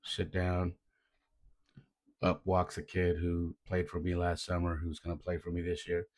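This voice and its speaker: A man's voice: low voice, completely flat delivery, measured pace, a little mellow. A man who coaches youth baseball and hosts a podcast, telling stories in a laid-back, earnest way and often saying "man". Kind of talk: casual reflective storytelling.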